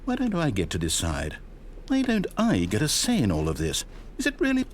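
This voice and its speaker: A video-game narrator whose voice leaps widely across its pitch range, grand and theatrical one moment and wry the next. His delivery is dry and storybook-like, with a faint game hum behind him. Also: wildly swooping pitch, brisk. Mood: alarmed. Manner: swings from grand to panicked. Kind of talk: scripted narration.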